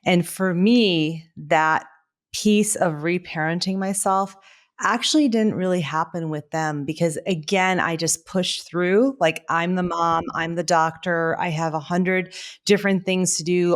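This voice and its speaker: A woman in her fifties hosting a podcast, speaking in a reflective, measured way. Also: on the low side, fairly even intonation. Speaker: podcast host, doctor. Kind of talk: conversational interview.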